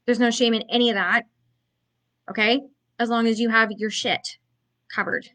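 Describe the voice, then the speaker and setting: A woman's voice: a little high, steady tone, moderate pace, a bit bright. Blunt, emphatic woman business coach. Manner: blunt, emphatic, conversational with many fillers. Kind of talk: motivational talk.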